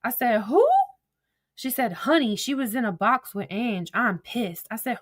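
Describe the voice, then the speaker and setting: A woman vlogger, her voice a little high, animated and unhurried, casually retells online drama from a text conversation. She reads out each message as "I said, she said," swearing freely in a blunt, exasperated way.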